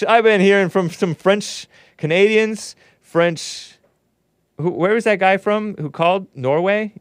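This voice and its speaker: A man's voice: sits high, takes it slowly, no room sound, studio quality. A man hosting his own commentary show, reading news aloud and scoffing at it with sarcastic asides. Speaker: host. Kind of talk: opinionated commentary show monologue.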